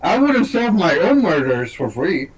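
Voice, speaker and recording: Argumentative man with a lively voice. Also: on the high side, a little slow, far from the mic. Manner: argumentative, teasing. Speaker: podcast co-host. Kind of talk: casual chat reviewing a movie.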